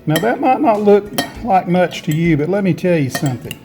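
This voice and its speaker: A man's voice: high-pitched, lively intonation, normal speed, dark tone, faint music behind. A man hosting a home gardening channel, chatting in a folksy, homespun way while he shows food he made in his home kitchen. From Tennessee, USA. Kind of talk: casual food demonstration.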